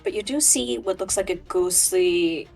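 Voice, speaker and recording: A woman's voice: on the low side, moderate pace, creaky, a little mellow, faint music behind, poor audio. A woman running a tabletop game as game master, describing scenes and guiding a player through the rules, sometimes dropping to a whisper for eerie parts.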